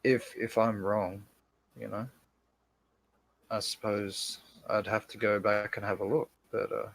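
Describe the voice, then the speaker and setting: A man's voice: fairly low pitch, little pitch movement, measured pace, vocal fry, no echo. A man co-hosting a livestream, speaking casually and hesitantly with frequent fillers.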